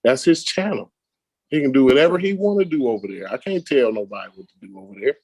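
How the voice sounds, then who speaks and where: A man's voice: mid-range voice, animated, fast talker, a little mellow, breathy edge, no echo. A man, co-hosting a podcast and defending the show in a heated group discussion. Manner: defensive, repeats "I'm just saying". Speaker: podcast co-host.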